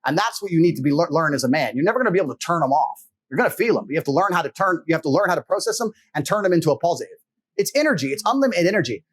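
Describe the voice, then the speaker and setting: Husky, slightly high-voiced man; blunt, profane interview guest. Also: lively intonation, rapid-fire. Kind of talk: emphatic motivational talk.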